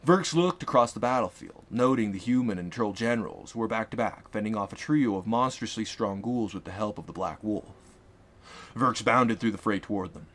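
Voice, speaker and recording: A man narrating his own fantasy audiobook in an expressive, dramatic reading. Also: lowish voice, moderate pace. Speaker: author and narrator.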